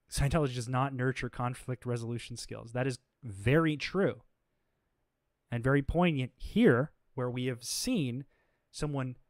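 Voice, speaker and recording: A man's voice: medium pitch, dry recording, studio quality. A man hosting a livestream, talking off the cuff in an exasperated, confrontational way, saying he is exhausted, with lots of fillers and restarts. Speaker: livestream host. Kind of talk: unscripted livestream rant.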